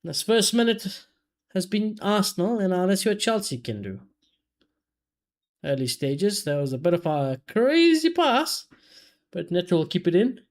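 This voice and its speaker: A man, casually commentating a football match for his live chat and reacting loudly to chances. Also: high voice, big pitch swings, normal speed. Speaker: streamer hosting a football watchalong.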